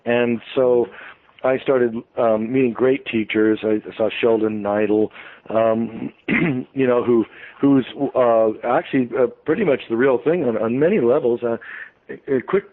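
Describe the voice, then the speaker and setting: Man, radio guest, rambling storyteller, lots of ums, mid-pitched voice, phone-line sound. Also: steady tone, a little slow. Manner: rambling, full of ums and restarts. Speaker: interview guest, author. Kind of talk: anecdotal storytelling on a radio show.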